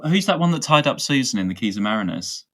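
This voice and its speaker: A man's voice: medium pitch, very animated, fast talker, fairly bright tone. A man hosting a podcast in casual chat, hesitant and thinking aloud as he talks. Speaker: podcast host.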